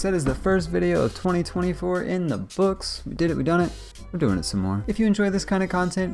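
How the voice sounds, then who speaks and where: Brief: quick male host, chatty reaction commentary, soft music under. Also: medium pitch. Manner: chatty, rambling, jokey.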